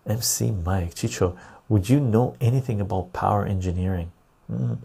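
A man with a low, gravelly voice hosts a podcast and chats loosely with his viewers. His voice is dark and husky, and he rambles in quick bursts with frequent laughs. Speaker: podcast host. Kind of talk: casual chat, reading viewer comments.

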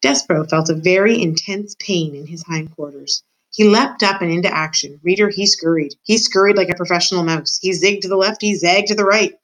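A woman teacher reading a children's book aloud to her class, warm and expressive in her storytelling. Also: on the low side, brisk, low-quality recording.

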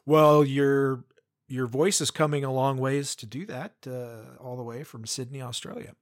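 A man hosting an interview show, introducing a story and chatting with his guest in a relaxed way with many pauses. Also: medium pitch. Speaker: podcast host and editor.

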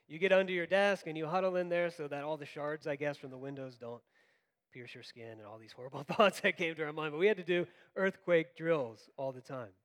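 Acting out quotes as he tells the story, a Florida-raised man preaches a sermon as pastor in an animated way. His voice sits on the high side.

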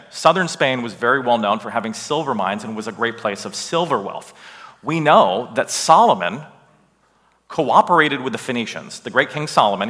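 A man teaching a Bible lesson with slides, emphatic and animated, often checking in with a rhetorical "right?". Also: medium pitch, in a large hall. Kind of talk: lecture with slides.

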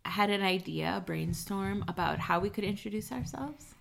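A woman in her thirties co-hosts a podcast from her home kitchen table. Her mid-pitched voice carries a gravelly, creaky edge. She rambles through stories in a chatty way with lots of fillers. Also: normal speed, slight background noise. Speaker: podcast co-host. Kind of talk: casual chat.

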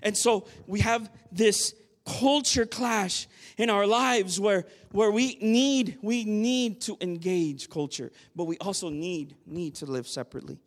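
A man's voice: sits high, a little slow, big-room sound. A man preaching a sermon as a pastor, talking in a conversational way with many restarts and building to emphatic points.

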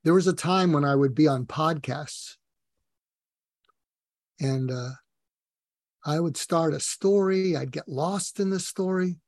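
A man's voice: on the high side, slow pace, long pauses, darkish tone, no room sound. A middle-aged man, a podcast guest, telling personal stories in an earnest, rambling way with many fillers. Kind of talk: casual personal storytelling.

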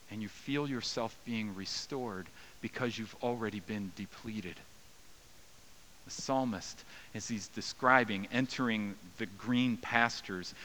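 A man preaching a sermon as a pastor, earnest and dynamic, rising to raised cries and dropping to soft, slow passages. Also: medium pitch, slight background noise, rough recording.

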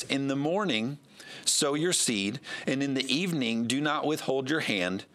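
A man's voice: mid-range voice, a bit bright. A pastor preaching a sermon to his congregation in an earnest, conversational way, reading scripture aloud as he goes.

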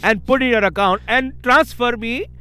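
A man co-hosting a casual chat, teasing his friend in quick banter. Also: very high voice, bright, forceful tone, clear, resonant tone, no echo. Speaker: podcast co-host.

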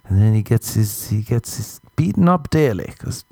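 Male podcast comic, dark mellow tone, crude rambling delivery, dry close sound. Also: fairly low pitch, lively intonation, moderate pace, gravelly, few pauses, slightly rough, no room sound. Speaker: podcast host. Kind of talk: comedic monologue. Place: Los Angeles.

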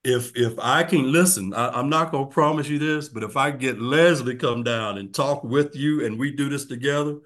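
A man in his sixties, a guest in an interview, telling his story earnestly and reflectively, often dropping to a soft, quiet voice. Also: medium pitch, moderate pace, hardly any pauses. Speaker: guest, formerly incarcerated man.

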